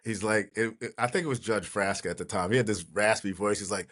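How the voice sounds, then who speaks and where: A man in his sixties from New Jersey, a trial lawyer telling lively anecdotes as an interview guest, often laughing and acting out others. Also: on the low side, fast, hardly any pauses. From New Jersey, USA. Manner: animated anecdotes, acting out quoted voices, laughing. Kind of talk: casual storytelling interview.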